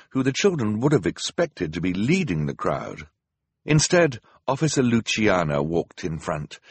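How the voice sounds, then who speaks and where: A man's voice: low voice, breathy edge, dry recording. A man narrating a children's novel as an audiobook, reading expressively and dramatically. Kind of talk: storybook narration.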